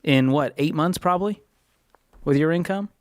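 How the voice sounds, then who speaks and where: A man co-hosting a call-in money advice show, coaching a caller in a blunt, energetic, joking way. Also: a little high, normal speed, no room sound, studio quality.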